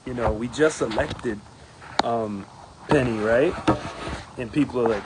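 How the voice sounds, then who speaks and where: A man who is a union steward, giving a casual spoken report, animated and laughing often, mimicking others in a raised voice. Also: mid-range voice, a little slow, very noisy.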